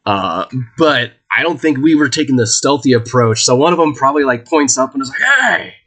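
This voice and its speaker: A man's voice: medium pitch, brisk, fairly bright tone. A man acting as game master, describing scenes in a loose, rambling way. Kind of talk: narrating a tabletop game.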